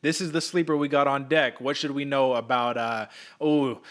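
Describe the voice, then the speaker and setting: A man's voice: mid-range voice, fairly even intonation, normal speed, fairly bright tone. A young man co-hosting a casual sports betting podcast, hyped and slangy, calling the listener brother and folks. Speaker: podcast co-host.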